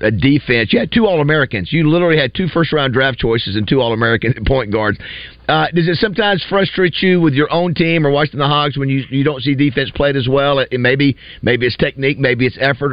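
A man's voice: mid-range voice, no echo. A man hosting a sports talk radio show from a studio, chatty, with many uhs and restarts. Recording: slightly dull dry studio audio.

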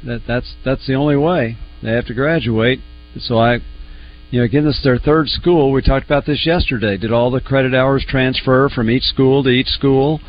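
A man's voice: medium pitch, steady tone, moderate pace. A man co-hosting a sports radio show, talking in an easygoing way and thinking aloud. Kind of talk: casual sports radio talk. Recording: muffled studio audio with faint noise.

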